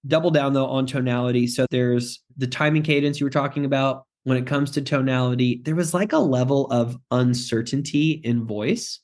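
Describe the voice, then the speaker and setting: A man's voice: mid-range voice, normal speed, hardly any pauses, darkish tone. Guy on a podcast breaking down sales calls, super direct, jokes around, acts out little phone bits. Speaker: podcast guest, sales closing expert. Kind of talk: casual podcast chat.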